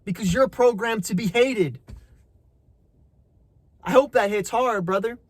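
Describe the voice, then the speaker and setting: A man's voice: sits high, unhurried, dry recording. A young man giving a blunt, profane motivational rant, preaching tough love and calling the listener bro. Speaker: motivational content creator.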